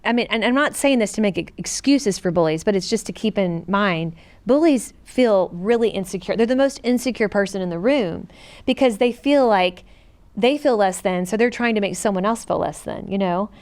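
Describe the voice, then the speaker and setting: Co-host, middle-aged woman: earnest, animated storyteller with a smooth, clear voice. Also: mid-range voice, moderate pace. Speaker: podcast co-host. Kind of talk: personal storytelling in a casual chat.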